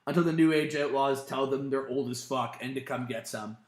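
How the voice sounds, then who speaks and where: A man's voice: mid-range voice, brisk. Man, podcast co-host, casual chat, swears freely, echoey room. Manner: animated, swears freely, acts out quotes in loud bursts. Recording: roomy echo.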